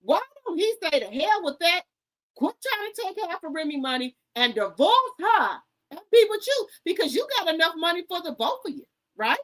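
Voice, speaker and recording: A woman's voice: very high-pitched, sing-song, moderate pace, fairly bright tone. A woman in her fifties ranting to camera, rambling and hollering, tagging on "okay?" and "baby". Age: 50s.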